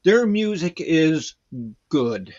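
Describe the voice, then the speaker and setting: Slow-talking, rambling man guest. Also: fairly high pitch, big pitch swings, darkish tone, dull audio. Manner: rambling, hesitant, full of fillers. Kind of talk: casual chat.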